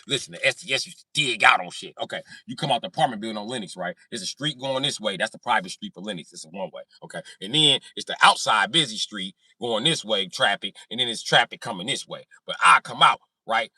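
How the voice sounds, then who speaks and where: A man's voice: fairly low pitch, lively intonation, quick pace, few pauses, pushed and bright, husky, no room sound. A man telling profane stories casually on a live stream, acting out sounds and voices. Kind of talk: casual storytelling.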